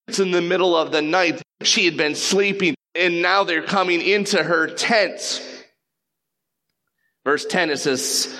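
A pastor preaching a sermon, telling a story in an animated way and slipping into quick voices. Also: male voice, high-pitched.

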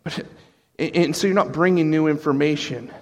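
Animated preaching man. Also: normal speed. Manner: animated, acts out quotes with sudden pitch jumps. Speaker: pastor. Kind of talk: sermon.

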